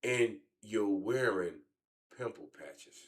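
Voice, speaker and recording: Profane rambling man in his late thirties. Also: takes it slowly. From Chicago. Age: late 30s. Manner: profane, rambling, swings from low mutter to loud shouts. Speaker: streamer. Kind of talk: casual streamed storytelling rant.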